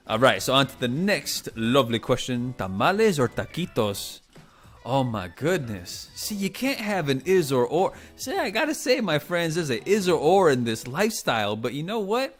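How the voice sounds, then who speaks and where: Male streamer, mid-range voice, chatty and excitable, faint music bed. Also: medium pitch, normal speed. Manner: rambling, animated, swearing, many restarts. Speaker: livestream host. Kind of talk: casual live-stream chat.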